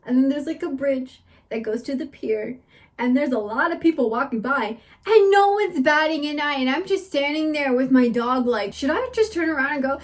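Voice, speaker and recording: High-voiced young woman telling a story. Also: moderate pace. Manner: animated, swears freely, dramatic retelling. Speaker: vlogger. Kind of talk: storytime vlog.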